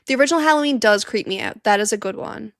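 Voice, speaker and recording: A woman hosting a casual live-stream watch party, chatting excitably and laughing often, teary and sniffly. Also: fairly high pitch, fast, dry recording, studio quality.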